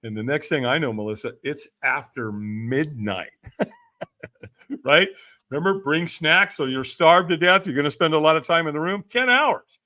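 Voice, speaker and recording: A man's voice: on the high side, normal speed, pushed and bright. An older man, a guest in an interview, telling a story with a lot of energy, acting out the voices in it and laughing often. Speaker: podcast guest, personal development speaker.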